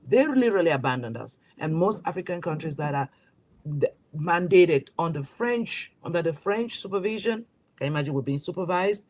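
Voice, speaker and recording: A woman from Cameroon, a magazine publisher, speaking as an interview guest with emphatic rhetorical questions and frequent restarts. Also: low voice. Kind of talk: impassioned interview talk.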